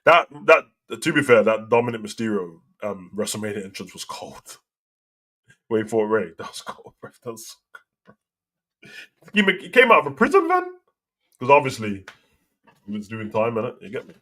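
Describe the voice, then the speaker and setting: A man's voice: on the low side, big pitch swings, normal speed, a bit bright. A man hosting a live wrestling talk show, chatting in a slangy, opinionated way. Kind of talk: casual live reaction chat.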